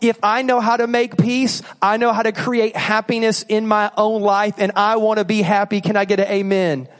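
A man preaching a sermon in a church, animated and joking, acting out examples as he teaches. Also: sits high, moderate pace. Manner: animated, joking, acts out bad apologies. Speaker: pastor. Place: church auditorium. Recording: long reverb of a large hall.

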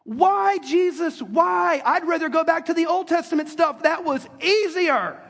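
A man's voice: very high-pitched, unhurried, gravelly, a bit bright, in a large hall, pitched above the performer's own voice, full character voice. A preacher putting on an exasperated complaining man. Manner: whiny, incredulous complaining. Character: exasperated male listener complaining to a teacher.

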